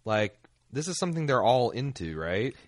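A man's voice: very animated, moderate pace. A man co-hosting a casual podcast, wry and jokey as he trades remarks about an episode. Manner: wry, jokey, slightly low-key. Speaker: podcast co-host. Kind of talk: casual recap chat.

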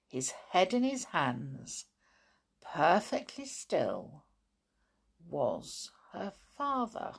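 A woman narrates a children's adventure story in an expressive audiobook style. Her voice is husky and fairly low. She reads slowly and lets her pitch rise and fall freely. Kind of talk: audiobook reading.

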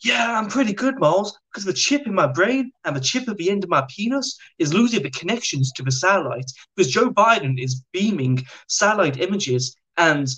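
A man voicing a ranting, delusional American prisoner who shouts and boasts. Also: high voice, animated, fairly quick, hardly any pauses, pitched above the performer's own voice, rough recording. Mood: rambling boastful.

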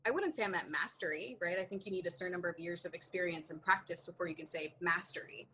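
A woman's voice: fairly low pitch, quick pace, slight background noise, poor audio. A woman as a podcast guest, telling a candid story with lots of acted-out dialogue and frequent laughter. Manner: animated, acts out quoted dialogue, laughs often.

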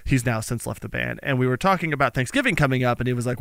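A man co-hosting a podcast in casual chat, animated and jokey, who often slips into silly voices while telling stories. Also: mid-range voice, quick pace, vocal fry, smooth, no echo, clean studio sound. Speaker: podcast co-host.

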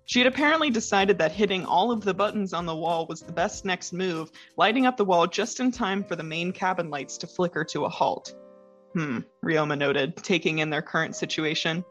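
A woman's voice: lowish voice, a little fast, few pauses, fairly bright tone, soft background music. A young woman reading a story aloud in a casual, easygoing way. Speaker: co-host reading fanfic.

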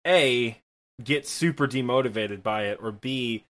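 A man's voice: medium pitch, a bit bright. Midwestern man, twenties, casual self-deprecating podcast co-host. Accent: Midwestern Michigan. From Michigan, US. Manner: rambling, self-deprecating, quick laughs. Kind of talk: casual gaming podcast chat. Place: apartment.

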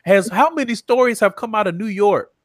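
A man co-hosting a casual chat show, recapping reality TV with profane, animated retellings. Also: high-pitched, a little fast, dry recording, studio quality. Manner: profane, animated, mimics people he quotes. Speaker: podcast co-host.

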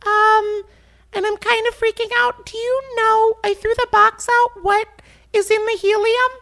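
A man putting on a squeaky high helium voice for a prank call, playing a nervous caller who can't stop talking like this. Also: little pitch movement, a little slow, vocal fry, pushed and bright, exaggerated voice. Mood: panicked.

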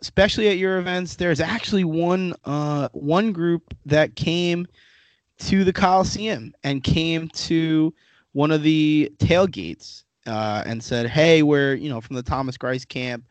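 A man's voice: on the high side, unhurried, dry recording. A man hosting a podcast, chatting casually in a joking, teasing way with some swearing, close to a studio microphone. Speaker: podcast host.

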